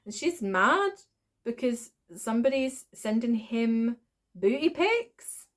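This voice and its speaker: A woman's voice: a little high, big pitch swings, takes it slowly. A woman hosting a reaction video, mocking a film with sarcastic, exasperated commentary and frequent swearing.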